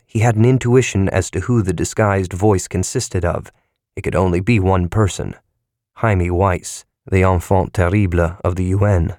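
Low voiced guy reading a sci-fi book, steady, dry close mic. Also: no room sound. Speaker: audiobook narrator. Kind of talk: scripted narration.

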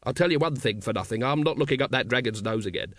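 A man voicing a gruff, weary middle-aged watchman in a storybook reading, grumbling in a low tone. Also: animated, fast talker, a bit bright, dry recording, clean studio sound, close to an everyday voice. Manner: gruff and grudging.

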